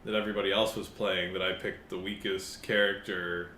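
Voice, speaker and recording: A man's voice: deep voice, fairly quick. A man co-hosting a podcast, chatting casually and rambling about games, with frequent swearing. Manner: relaxed, rambling gamer talk with frequent swearing. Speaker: podcast co-host. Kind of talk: casual chat. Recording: roomy echo with faint ambient noise.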